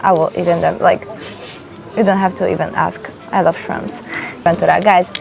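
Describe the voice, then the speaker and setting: Excited chatty young woman vlogger. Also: on the low side, moderate pace, vocal fry, faint music behind. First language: not English. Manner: excited and chatty, full of "like" fillers. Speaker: travel vlogger. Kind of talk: casual travel vlog chat. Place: outdoors on holiday.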